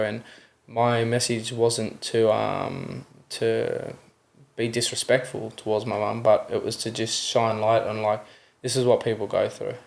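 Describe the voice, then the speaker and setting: A young Australian man with a gravelly, creaky voice tells his story as a podcast guest, earnest and candid. His pitch stays fairly flat as he acts out the voices in his retellings and keeps checking in with "you know what I mean.".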